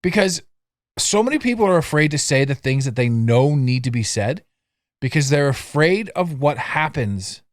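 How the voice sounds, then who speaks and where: At a moderate pace, the middle-aged podcast host talks casually by himself, mocking himself and laughing along, his volume leaping from loud bursts to low murmured asides. It's a dry, clean studio recording, audio only.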